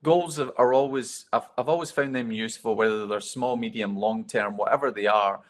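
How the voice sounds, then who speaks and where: Guy doing a motivational talk, candid storytelling, pokes fun at himself, average pitch. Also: a little fast. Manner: storytelling, candid and self-deprecating. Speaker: keynote speaker. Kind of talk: motivational talk to a live audience.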